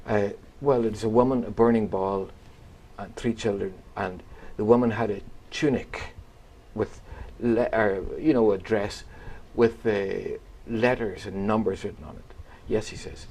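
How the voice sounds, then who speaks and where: A man's voice: on the low side, fairly even intonation, a little slow, darkish tone. A man, a radio guest, telling a rambling anecdote full of quoted voices. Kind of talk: storytelling in a radio chat.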